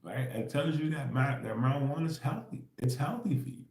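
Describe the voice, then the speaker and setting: A man's voice: medium pitch, brisk, a little mellow, echoey room. A man hosting a livestream, talking in a slangy, insistent way and tagging most points with a question. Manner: insistent, repetitive, keeps asking "right?"; slangy, profane, laughs between points. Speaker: livestream host. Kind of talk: casual spiritual rant.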